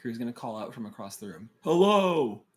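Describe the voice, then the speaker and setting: A man playing a tabletop game, calmly describing his character's actions in the third person. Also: on the low side, fast. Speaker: player.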